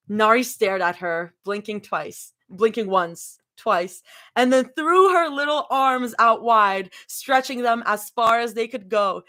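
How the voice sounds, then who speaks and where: A woman's voice: fairly high pitch, animated, a little slow, pushed and bright. Giggly woman live-reading fanfiction. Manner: giggly, chatty asides. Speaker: fanfiction reader. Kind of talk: live cold reading with reactions.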